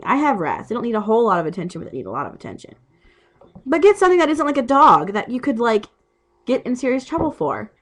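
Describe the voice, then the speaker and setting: A woman's voice: fairly high pitch, fairly bright tone. A young woman who is sick with a cough, ranting casually and profanely about a friend. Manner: exasperated, profane ranting storytelling. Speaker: vlogger. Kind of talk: casual rant.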